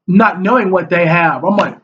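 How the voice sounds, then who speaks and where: High-voiced man ranting heatedly. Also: moderate pace. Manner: heated and mocking, mimics opponents in whiny voices. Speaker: video blogger. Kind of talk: ranting monologue. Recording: dull lo-fi recording.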